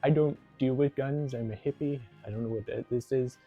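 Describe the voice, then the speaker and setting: A man's voice: mid-range voice, fairly even intonation, a little fast, narrow, tinny audio, faint music behind, close to an everyday voice. A man voicing a ditzy young hippie woman in a film recap, airy and flaky.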